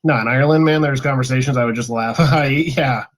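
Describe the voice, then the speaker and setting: A man from Canada telling lively anecdotes in a casual chat. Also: mid-range voice, a little fast. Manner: animated anecdote telling, laughs easily.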